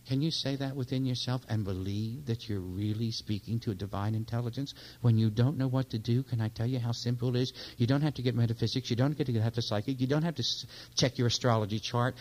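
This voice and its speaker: A minister preaches a sermon that swings between loud, urgent exhortation and hushed, confiding near-whispers, telling stories packed with quoted dialogue. His medium-pitched voice is brisk with few pauses, and the audio is poor.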